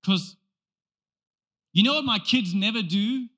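A pastor delivers an emphatic sermon in a high, bright, forceful male voice at a slightly slow pace. He develops his points with rhetorical questions and repeated phrases.

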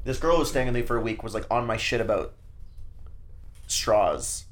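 A man chatting casually, telling animated stories and acting out the people he quotes, with frequent swearing. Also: lowish voice, normal speed, a crowd in the background. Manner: animated storyteller, acts out quoted voices, swears. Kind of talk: casual chat.

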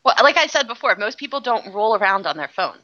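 Bright deadpan woman, lo-fi sound. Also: a little high, quick pace. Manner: deadpan, needling. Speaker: prank show co-host. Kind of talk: prank call banter. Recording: dull lo-fi audio.

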